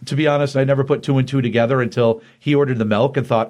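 A man's voice: medium pitch, quick pace. A man co-hosting a comic book podcast, retelling a story in casual chat and acting out the quotes. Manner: animated retelling with acted quotes.

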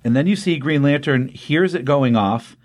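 A man's voice: fairly high pitch, normal speed, darkish tone. A man casually retelling a comic book story, rambling with many ums and restarts and briefly acting out the characters' lines. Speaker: podcast host recapping a comic. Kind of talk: casual spoken recap.

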